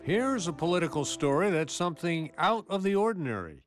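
A man presenting a radio news program in a crisp announcer delivery. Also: a little high, expressive, fairly quick, soft background music.

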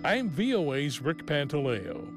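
A man reading a scripted science news report in a lively way. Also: a little high, a little slow, music in the background.

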